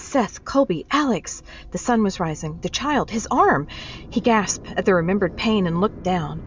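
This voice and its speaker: A woman reading short fiction aloud in steady, measured narration. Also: medium pitch, slight background noise. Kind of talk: storybook reading. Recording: dull lo-fi with faint music.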